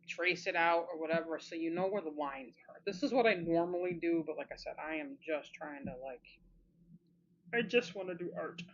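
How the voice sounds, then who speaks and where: A woman chatting casually and thinking aloud as she sketches, encouraging herself through mistakes. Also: lowish voice. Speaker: art channel creator. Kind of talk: casual drawing commentary. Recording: slightly muffled with faint hiss.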